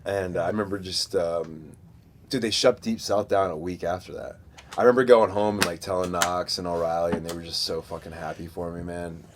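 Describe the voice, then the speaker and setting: Middle-aged man, low voice, easygoing interview storyteller who swears freely. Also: fairly even intonation, a little fast, noisy background. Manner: laid-back, swears often, acts out quoted voices. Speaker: wrestler, interview guest.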